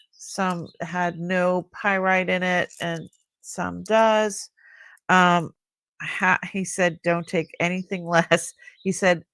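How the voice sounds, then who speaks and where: A woman's voice: lowish voice, gravelly, a bit bright, no room sound. A middle-aged woman hosting a live jewelry sale, chatting casually and admiring each piece as she rambles. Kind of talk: casual live-stream selling chat.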